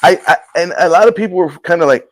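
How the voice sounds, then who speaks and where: Give me an earnest, halting male host. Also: sits high, no echo, rough recording. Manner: earnest, halting storytelling with restarts; acts out quoted dialogue. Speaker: show host. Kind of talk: casual testimony chat.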